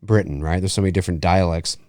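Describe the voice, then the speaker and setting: A man's voice: low-pitched, fairly even intonation, quick pace, mellow, no echo, studio quality. A man co-hosting a live film commentary in a laid-back way, chuckling often and reading viewer comments aloud. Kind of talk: live movie commentary chat.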